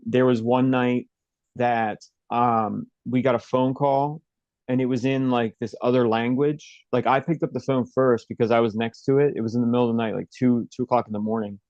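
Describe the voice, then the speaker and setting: Halting man telling a story, muffled dry sound. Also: mid-range voice, a little mellow, no echo. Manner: halting, rambling, many fillers and restarts. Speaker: interview guest. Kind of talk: personal storytelling in an interview.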